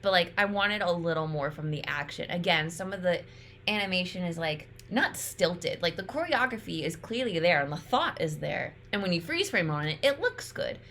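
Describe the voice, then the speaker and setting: A woman's voice: lowish voice, animated, moderate pace, a bit bright, a little hiss or hum. Chatty woman reviewing with frequent "like". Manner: chatty, frequent "like", swears freely. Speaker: YouTuber reviewing an animated film. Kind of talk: casual commentary.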